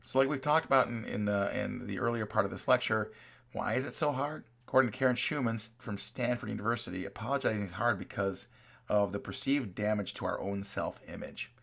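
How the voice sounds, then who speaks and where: A man's voice: lowish voice, fairly quick, gravelly, a bit bright. A man teaching a college class in a recorded lecture, talking in a conversational way, reading quoted examples aloud and often checking in with "right?".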